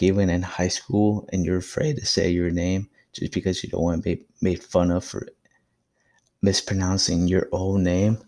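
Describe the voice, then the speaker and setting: Speaking in a low-pitched, darkish voice, a young podcast host shares a personal story on his own show. The monologue is casual, reflective and encouraging.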